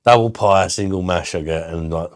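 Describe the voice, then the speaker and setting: A man chats loosely on a live stream. He is blunt, swears freely and laughs often, in a very deep, low voice. The sound is close and dry. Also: normal speed, no room sound. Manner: blunt, sweary and laughing, reads chat aloud. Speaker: beer reviewer hosting a live stream. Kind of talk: casual live-stream chat.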